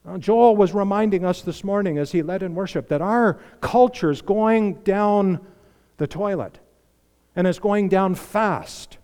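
A man preaching a sermon, fervent, swinging from hushed asides to emphatic exhortation. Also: on the high side. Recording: long hall reverb.

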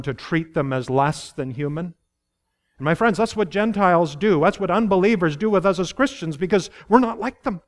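A man's voice, pitched a little high for a man, delivering a sermon with earnest conviction. He stresses key phrases, puts questions to his listeners and laughs lightly between points. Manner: earnest preaching, rising emphasis on key phrases, asks the congregation questions. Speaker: pastor.

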